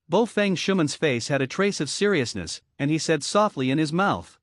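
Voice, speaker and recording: A man narrates an anime recap at a steady reading pace, his pitch moving up and down a lot. The recording is dry and close, with no room sound. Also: moderate pace, hardly any pauses, no echo.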